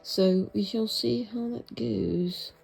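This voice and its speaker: This craft vlogger, from Britain, talks casually and wanders a little while she stitches, laughing at herself and at times going quiet and soft. Her medium-pitched voice is slow and creaky, with fairly even intonation. Soft music accompanies a rough recording.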